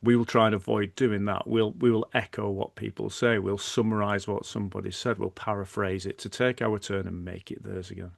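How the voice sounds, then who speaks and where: A man's voice: on the low side, little pitch movement, fairly quick, gravelly, hardly any pauses, no room sound, clean studio sound. A middle-aged man, a podcast guest who explains his methods by acting out example dialogues. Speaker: guest, former hostage negotiator. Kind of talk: podcast interview.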